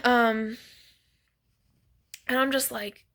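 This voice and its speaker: A woman's voice: a little high, steady tone, moderate pace, pauses often, pushed and bright. Chatty, giggly woman telling a story. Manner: chatty, giggly, lots of "like" and "so basically". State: sick. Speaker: vlogger. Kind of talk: storytime vlog.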